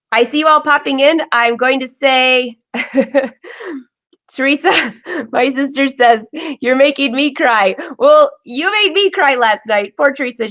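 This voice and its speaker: A woman hosting a live sewing vlog from her home studio, chatty and excitable, laughing often. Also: fairly high pitch. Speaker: vlog host. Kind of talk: live-streamed casual chat.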